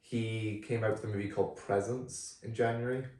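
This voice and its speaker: A man co-hosting a podcast, reviewing films in a relaxed, chatty way with frequent fillers. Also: on the low side, normal speed. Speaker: podcast co-host. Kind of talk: casual film review chat. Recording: roomy, distant from the mic.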